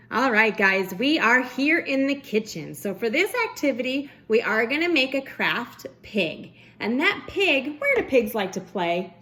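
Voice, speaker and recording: A young woman teaching a home lesson to her child, with a gentle, encouraging, sing-song manner, at home. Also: on the high side. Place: home, living room then kitchen.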